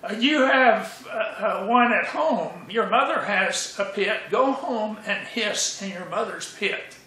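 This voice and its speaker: A cross neighbor woman, as a male storyteller puts her on, scolds in halting bursts. The voice sits high and bright. The sound carries a roomy echo. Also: lively intonation, exaggerated voice. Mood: scolding. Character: stern neighbor woman, angry.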